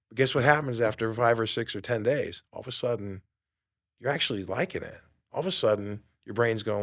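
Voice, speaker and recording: Man, late fifties, podcast host, fitness coach, motivational talk, middle pitch, emphatic, loud then soft, studio. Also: brisk. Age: 50s. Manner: energetic, emphatic, swings from loud to quiet.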